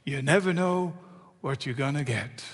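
A man putting on a slow Southern drawl to voice a simple-hearted man quoting his mama. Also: mid-range voice, slightly rough, voice pushed down, natural voice. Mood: earnest. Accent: American Southern. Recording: long hall reverb.

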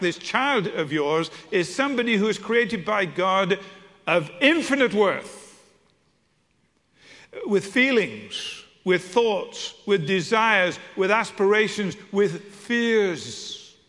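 A man's voice: high-pitched, a bit bright. A man preaching a sermon with humor and stories, stumbling over restarts. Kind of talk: sermon with storytelling. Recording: long hall reverb.

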